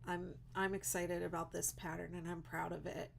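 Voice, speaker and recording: A woman's voice: on the low side, flat delivery, moderate pace, vocal fry, a little hiss or hum. A woman crochet designer chatting casually on a livestream, reading viewer comments, teary and emotional with lots of fillers.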